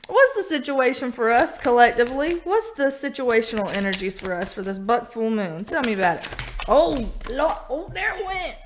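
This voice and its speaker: A woman's voice: high voice, animated, moderate pace, slight background noise. A woman doing a casual tarot reading vlog, irreverent and profane, laughing often. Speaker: tarot reader.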